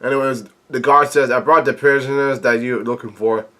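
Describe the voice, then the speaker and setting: A man hosting his own reaction video, reading comic panels aloud and adding asides. His voice sits at an ordinary middle pitch. He stumbles and restarts words often as he goes. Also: steady tone, fairly bright tone. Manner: halting, frequent restarts and fillers.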